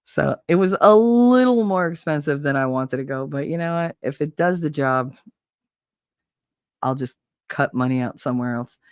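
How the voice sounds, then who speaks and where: A woman's voice: low voice, animated, moderate pace, darkish tone, smooth, no echo, clean studio sound. A woman streamer in casual live-stream chat, rambling and candid, swearing freely and laughing often.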